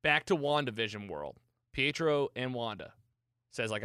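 Bright, dry-voiced excitable man. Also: medium pitch, a little fast, smooth, no room sound. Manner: chatty, excitable, lots of fillers. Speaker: podcast host. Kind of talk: casual recap chat.

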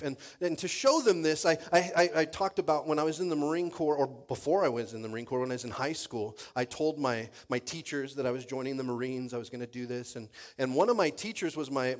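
A man preaching a sermon as pastor, reading scripture and praying in a soft, low voice, and often restarting sentences by repeating words. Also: lively intonation, brisk, few pauses. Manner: prays and reads in a soft, low voice.

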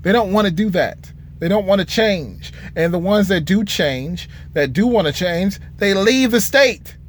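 A man's voice: high-pitched, animated, a little slow, a little hiss or hum. A young man from Michigan, a truck driver vlogging, ranting to camera in a profane, frustrated way and laughing often. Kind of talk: casual rant to camera.

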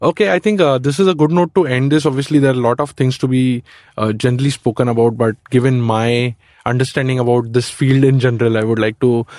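A man's voice: medium pitch, fairly even intonation, fast, a little mellow, no echo, studio quality. A man hosting an interview, asking tentative, filler-laden questions. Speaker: podcast host interviewer.

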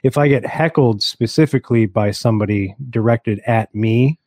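A man appearing as a comedian guest on a casual radio talk show, playful and quick to interject. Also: medium pitch, darkish tone, dry recording.

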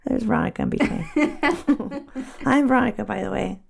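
A middle-aged woman co-hosting a podcast in casual chat, hoarse from a cold, joking and laughing often. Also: a little high, moderate pace, darkish tone. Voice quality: gravelly. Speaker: podcast co-host.

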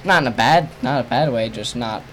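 A young man, a camp counselor, speaking hesitantly and softly in a casual podcast chat. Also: medium pitch, animated, brisk, soft background music, poor audio. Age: young adult. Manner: soft-spoken, hesitant.

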